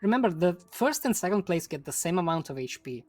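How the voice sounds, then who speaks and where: A woman co-casting a live esports tournament, adding relaxed, giggly analysis of plays and strategy. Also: lowish voice, quick pace, no room sound, soft background music. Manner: laid-back, giggly, analytical asides. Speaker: co-caster. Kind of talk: live esports color commentary.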